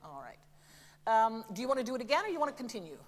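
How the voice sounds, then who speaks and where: Speaking very fast in a fairly high voice, a woman voice teacher coaches a masterclass from a theater stage, where a long reverb trails her words. Her style is lively and demonstrative; she chats, then bursts into sung examples, joking apologetically now and then.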